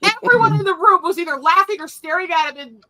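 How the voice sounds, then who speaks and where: A woman's voice: extremely high pitch, fast, sharp tone, a little hiss or hum. A woman in her forties, co-hosting a livestream, telling a story in casual chat, laughing often and swearing freely. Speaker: podcast co-host.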